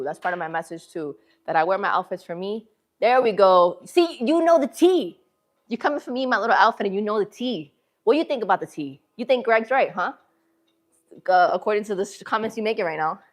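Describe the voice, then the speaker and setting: A woman hosting a casual livestream from a gym, with a northern city accent, talking to her viewers in a slangy, chatty way. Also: lowish voice. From northern United States. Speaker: livestream host. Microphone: phone camera.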